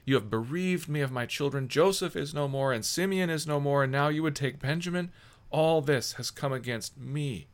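A man's voice: medium pitch, normal speed, close to an everyday voice. A man voicing Jacob, a grieving old father, lamenting sorrowfully in a scripture reading.

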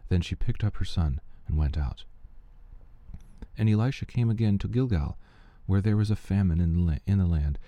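A man giving a steady, measured reading of Bible passages aloud, with the odd slip he corrects. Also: low-pitched, no room sound. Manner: steady, measured reading with small slips and restarts. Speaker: scripture reader.

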